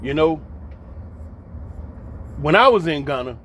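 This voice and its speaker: A man's voice: on the high side, very animated, slow, fairly bright tone, a little hiss or hum. An American man hosting a monologue commentary, emphatic and preachy, repeating lines for effect with mocking asides. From United States. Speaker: commentary host.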